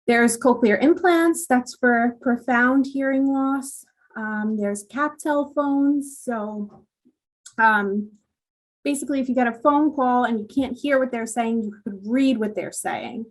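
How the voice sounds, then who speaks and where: Woman explaining hearing care on a video call. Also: on the high side. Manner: plain explanatory tone with frequent ums and you knows. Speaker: audiologist presenter. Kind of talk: virtual presentation talk. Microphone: computer mic on a video call.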